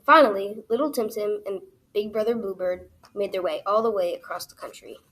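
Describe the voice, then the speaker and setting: A woman reading her own children's story aloud as the storyteller, in an expressive, animated way. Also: mid-range voice, rough recording.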